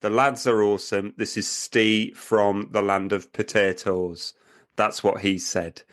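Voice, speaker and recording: A middle-aged man co-hosts a podcast in a lowish, flat, unhurried voice, reading out listener reviews. He is giggly and teasing, needling his co-host and laughing often.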